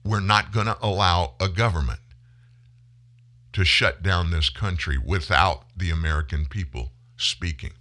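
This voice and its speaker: A male talk radio host giving an impassioned monologue, speaking emphatically to listeners, rising to loud bursts and dropping low again. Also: a little slow. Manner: addresses listeners as folks.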